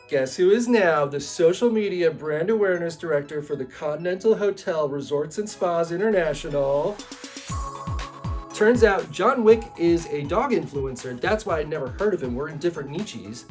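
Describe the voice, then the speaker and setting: A man delivering a chatty comic monologue as a self-absorbed travel influencer, breezy with dry asides. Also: on the high side. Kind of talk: comedic mockumentary monologue.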